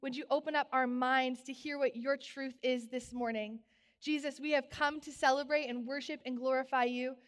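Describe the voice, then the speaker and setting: Young woman preacher with a bright high voice, bubbly storyteller, long church reverb. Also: moderate pace. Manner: bubbly storytelling, animated exclamations. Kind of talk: sermon. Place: church sanctuary.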